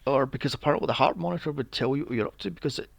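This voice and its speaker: Talking very fast in a creaky, medium-pitched voice, this podcast co-host discusses films casually. He sounds incredulous, swears freely, and rattles off rhetorical questions, all in a dry recording.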